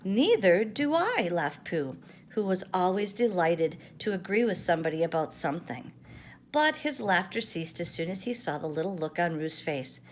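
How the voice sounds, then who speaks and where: An older woman reads a children's story aloud in a gentle, expressive way. Her voice sits a little low but moves through a lively, sing-song range. She sounds like a grandmother at story time. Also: normal speed, a little hiss or hum. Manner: gentle expressive read-aloud, varied intonation.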